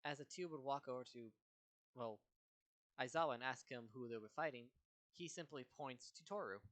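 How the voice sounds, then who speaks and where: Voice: mid-range voice, moderate pace, a bit bright. Stammering casual co-storyteller. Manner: narrates in "as he..." run-on chains, some stammers. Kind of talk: casual improvised fan-fiction retelling.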